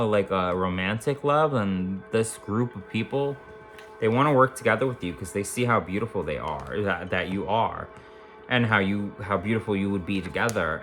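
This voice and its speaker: Man, tarot reader, casual reading to camera, rambling and repetitive, affirming, lowish voice, faint music behind. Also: a bit bright.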